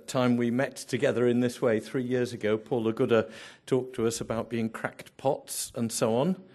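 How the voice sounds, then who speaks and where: Slow, emphatic preacher. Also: male voice, mid-range voice, a little mellow. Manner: emphatic, builds through repeated phrases and rhetorical questions. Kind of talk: sermon.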